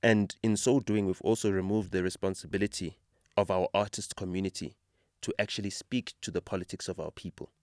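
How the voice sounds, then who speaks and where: A man's voice: low-pitched, fairly quick, no echo, studio quality. A man with a South African accent hosting a podcast, talking with conviction and telling stories with rising animation. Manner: impassioned, builds to animated storytelling. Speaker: podcast host. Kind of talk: casual podcast conversation.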